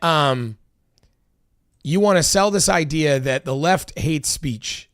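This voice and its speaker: A heated, exasperated man reacts to video clips, arguing and swearing at his viewers. His voice sits a bit higher than most men's, and the sound is dry and close, with no room around it. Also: fairly bright tone, clear, resonant tone, no room sound. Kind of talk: casual political commentary. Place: Los Angeles.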